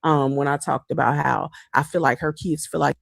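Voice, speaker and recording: A woman's voice: deep voice, fairly even intonation, moderate pace, gravelly, no room sound. Blunt woman commentary YouTuber, dry sound. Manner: blunt, scolding. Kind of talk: casual commentary video.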